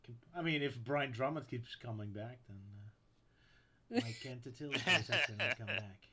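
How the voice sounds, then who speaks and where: A man's voice: medium pitch, lively intonation, normal speed, pushed and bright, slightly rough. A man co-hosting a podcast in casual chat, making brief, dry remarks. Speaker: podcast co-host.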